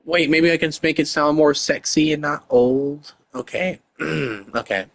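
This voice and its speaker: A man's voice: on the high side, fairly even intonation, unhurried, vocal fry, a bit bright. A man chatting casually and joking about himself while playing a game, with slang asides. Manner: joking, self-deprecating, slangy. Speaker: gamer.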